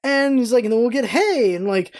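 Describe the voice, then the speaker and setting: A woman vlogger telling a story in a casual, animated way, acting out quoted lines in a raised voice. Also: fairly high pitch, fairly quick, slight background noise.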